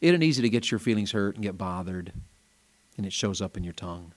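A man's voice: lowish voice, expressive, fast talker. Folksy revival preacher man. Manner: folksy, storytelling, rising to loud emphatic peaks. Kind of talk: revival sermon. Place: small church.

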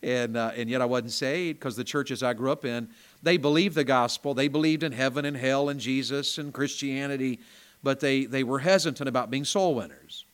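A preacher from Tennessee, speaking with a Southern drawl, delivers a sermon in a small church, his medium-pitched voice clear and resonant at a normal speed. His folksy storytelling swings from hushed asides up to loud, forceful bursts.

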